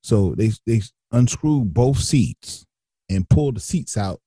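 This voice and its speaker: A man tells a story in a husky, dark voice that leaps high whenever he acts out what others said. He keeps restarting sentences and slips into slang. The sound is close and dry, with no room around it. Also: animated, a little slow, no echo. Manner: acts out others' lines with big pitch jumps, frequent restarts and slang. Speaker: guest telling a personal story. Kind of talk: animated storytelling.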